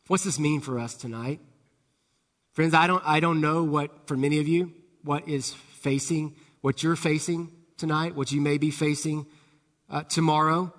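A man pastor preaching an evening sermon in a church, rising louder and higher on key words and sinking soft and low on others. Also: normal speed. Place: church sanctuary. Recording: long hall reverb.

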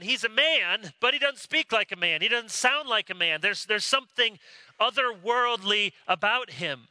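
A man preaching a sermon, animated, acting out quoted voices as he explains a Bible passage. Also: high voice, normal speed, no room sound. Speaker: pastor.

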